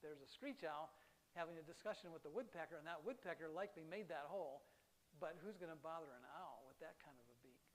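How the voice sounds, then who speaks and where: A man's voice: a little high, quick pace, slight background noise. A man giving a chatty, enthusiastic lecture on birds to a live audience in a hall, often restarting his sentences. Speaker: birding lecturer.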